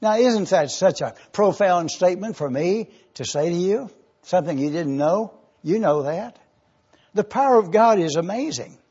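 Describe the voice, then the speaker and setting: A male pastor delivers a sermon in a fairly high, husky voice. He talks slowly and deliberately and draws out the words he wants to stress. The recording is dull and lo-fi. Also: darkish tone. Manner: deliberate preaching, stretches key words.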